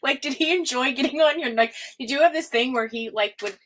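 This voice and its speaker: A woman's voice: high voice, fairly quick, rough recording. A woman giving a live tarot reading, talking casually with lots of fillers, frequent laughs and a bit of swearing. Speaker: tarot reader. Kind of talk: live-stream psychic reading.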